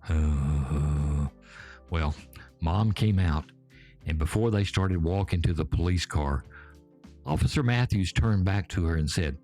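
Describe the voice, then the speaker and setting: A man in his seventies with a Georgia accent telling folksy tales in an unhurried way, talking straight to his listeners. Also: low voice, warm tone, faint music behind. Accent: Southern US, Georgia. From Georgia, USA. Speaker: storyteller host. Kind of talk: folksy spoken storytelling. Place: back porch.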